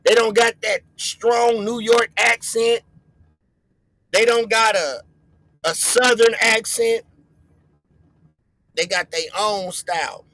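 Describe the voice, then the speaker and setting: A man's voice: high-pitched, fairly even intonation, takes it slowly, pauses often, bright, forceful tone, no room sound, rough recording. A man from the US West Coast hosting a livestream, talking in slang and rambling with frequent repeats. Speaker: livestream host. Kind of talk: loose reaction-stream commentary.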